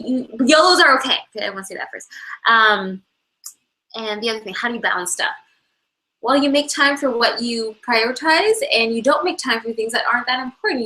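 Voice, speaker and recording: A woman fitness instructor answering fan questions in a live online Q&A over a video call, bubbly, gushing and excitable. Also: a little high, rough recording.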